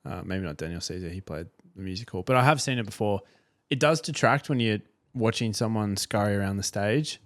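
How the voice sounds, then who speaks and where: Dry-humored man, low voice. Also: brisk, a bit bright. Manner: dry, teasing quips. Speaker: podcast co-host. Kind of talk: casual chat.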